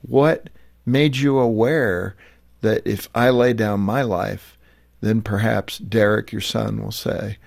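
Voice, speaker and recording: Un homme qui anime l'entretien et pose des questions réfléchies à son invité. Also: male voice, on the low side, fairly even intonation, takes it slowly, vocal fry, darkish tone. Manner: thoughtful, probing questions. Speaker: host. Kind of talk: interview hosting.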